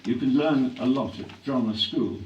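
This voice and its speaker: An older English man reflecting on his acting career in a live on-stage interview, clearing his throat often as his voice grows hoarse. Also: medium pitch, moderate pace, muffled recording. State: voice growing hoarse. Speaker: actor being interviewed. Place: hall at a public event. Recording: echoey hall from a distance, faint hum.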